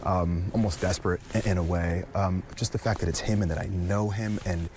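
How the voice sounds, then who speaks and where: A young man interviewed for a news story, speaking in a halting way with frequent restarts. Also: low voice, fairly even intonation, a little mellow, a little hiss or hum. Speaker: interviewee, family friend.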